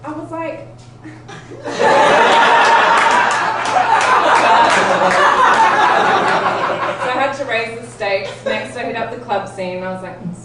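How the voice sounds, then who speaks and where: An Australian woman in her thirties tells self-deprecating stories on a comedy club stage, often breaking into giggles. Her voice sits a bit high and comes from a distance in a very echoey room. Loud ambience runs underneath the whole recording. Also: big pitch swings, extremely slow, long pauses, a loud crowd, heavy background noise. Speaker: stand-up comedian. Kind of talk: stand-up comedy set.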